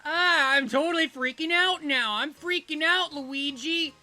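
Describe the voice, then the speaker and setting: A man's voice: extremely high pitch, unhurried, soft background music, voice pushed up, full character voice. A man voicing a gushing young woman who is a breathless, star-struck fan. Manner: breathless, squealing excitement.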